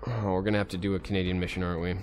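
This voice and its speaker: A man's voice: deep voice, level tone, very fast. A man recording casual gameplay commentary as a let's play host, talking to himself and breaking into frustrated outbursts. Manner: talks to himself, swings into sudden frustrated outbursts.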